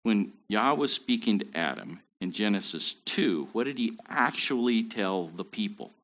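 A man's voice: fairly low pitch, sing-song, moderate pace, a bit bright. A man teaching a Bible study in a conversational way, with joking asides.

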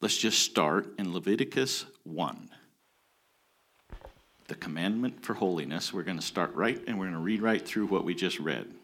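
A man teaching from the Bible with emphatic, deliberate delivery, stressing key words and pausing for effect. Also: low voice, a bit bright.

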